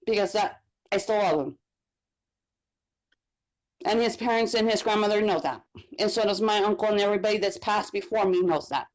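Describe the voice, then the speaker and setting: A woman in a spirit session, speaking haltingly and tearfully to her late father. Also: mid-range voice, low-quality recording. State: crying. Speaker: sitter. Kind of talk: emotional talk to a late father.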